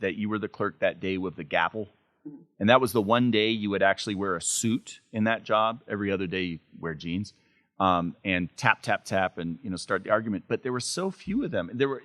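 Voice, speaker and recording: A man's voice: on the low side, fairly bright tone, dry recording, clean studio sound. A man hosting a live legal podcast panel, chatty and easygoing as he shares anecdotes. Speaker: podcast host, moderator. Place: law school lecture room with student audience.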